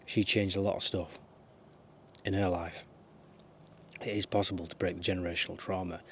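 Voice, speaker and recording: A man's voice: low voice, level tone, moderate pace, vocal fry, a little hiss or hum. A man giving rambling, earnest life advice to camera from a small camper van. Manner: rambling, earnest, swears now and then. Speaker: vlogger. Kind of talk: casual advice talk to camera.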